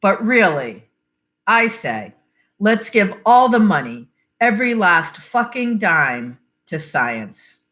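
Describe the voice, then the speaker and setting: A woman's voice: mid-range voice, big pitch swings, slow, a bit bright. A woman reading the lines of a blunt, bitter middle-aged father grieving for his sick son, in her own voice with little change. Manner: blunt, swears, wry about odds.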